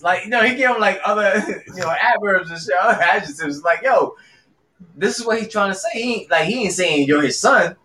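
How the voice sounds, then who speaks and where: A man's voice: sits high, expressive, brisk, sharp tone, recorded from a distance. A man from New Jersey and New York co-hosting a sports podcast, telling a laid-back story and laughing often. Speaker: podcast co-host. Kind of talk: casual group chat. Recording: roomy, off-mic with faint noise.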